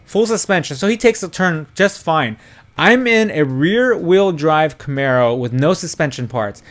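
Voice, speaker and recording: A man's voice: fairly high pitch, unhurried. Young man rambling through a story. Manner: rambling, filler-heavy, animated retelling with quoted dialogue. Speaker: gaming streamer. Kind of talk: casual storytelling while streaming a driving game.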